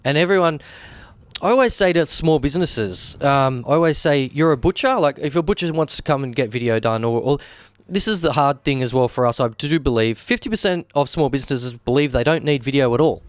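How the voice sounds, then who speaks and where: A man's voice: mid-range voice, a little fast, clear, resonant tone, no room sound. An Australian man in his thirties, a wedding videographer, chatting casually as a guest and telling stories with animation and many restarts. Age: 30s. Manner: animated storyteller, lots of restarts. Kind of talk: casual chat.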